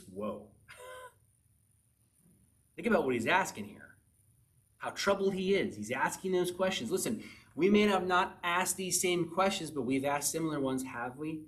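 Male preacher, fairly high voice, chatty sermon delivery that questions the congregation. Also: sing-song, moderate pace. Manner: conversational, asks the listeners questions.

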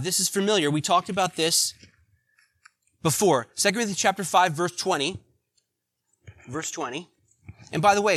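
A man preaching a sermon in a conversational way, asking the congregation questions and swinging between loud emphasis and quiet asides. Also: sits high, no room sound. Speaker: pastor.

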